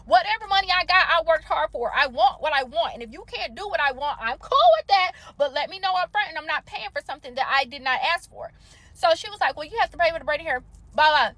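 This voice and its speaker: A woman in a casual storytime vlog, talking quickly in a high, bright voice. Her delivery is animated and slangy, full of exasperation. The sound is dry and close. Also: dry recording. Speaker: salon customer telling a story.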